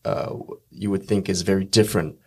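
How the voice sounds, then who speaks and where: Deep, husky-voiced teasing male interviewer. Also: steady tone, brisk, mellow. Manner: teasing, joking, curious questions. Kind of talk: casual interview chat.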